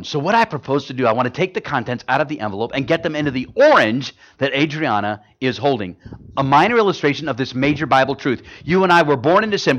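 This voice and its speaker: A man's voice: medium pitch, fairly bright tone, highs cut off. A man performing stage magic for a live audience, joking with volunteers and tying each trick to a gospel lesson. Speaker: gospel illusionist.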